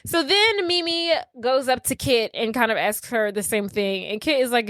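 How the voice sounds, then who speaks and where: A woman's voice: high voice, expressive, moderate pace, few pauses, fairly bright tone, no room sound, clean studio sound. A young woman co-hosting a podcast, casually retelling a movie plot and acting out the characters' lines. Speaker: podcast co-host.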